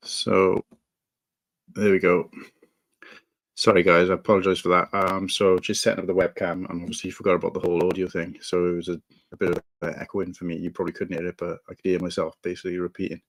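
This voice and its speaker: A man's voice: sits low, level tone, fast talker. Chatty man hosting a live stream. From England. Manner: rambling, chatty, greets viewers by name. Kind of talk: casual live-stream chat. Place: home room at night. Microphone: desk mic, no headphones. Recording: faint background music. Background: quiet background music.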